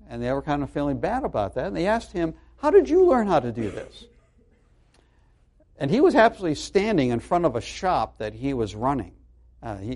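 A middle-aged male pastor delivering a sermon, his pitch a little high and swinging widely as he tells a story. He talks conversationally, breaking off with fillers and starting sentences over. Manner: storytelling, animated, with many fillers and restarts.

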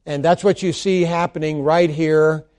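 A man's voice: fairly high pitch, fairly even intonation, normal speed, darkish tone. A man pastor preaching a sermon to his congregation in a conversational, joking way, with asides to the listeners.

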